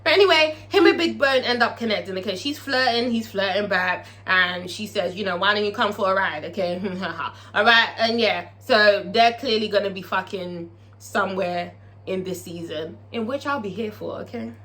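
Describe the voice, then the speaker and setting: A woman's voice: medium pitch, moderate pace, fairly bright tone. A British woman recapping a TV episode in a casual, profane, chatty way, as a show reviewer.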